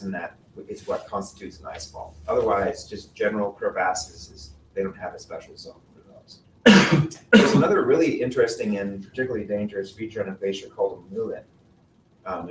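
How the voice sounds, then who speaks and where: A man's voice: fairly low pitch, moderate pace. A man giving a classroom lecture on glaciers, quizzing the class and explaining patiently. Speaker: mountaineering instructor. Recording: roomy, distant mic with faint noise.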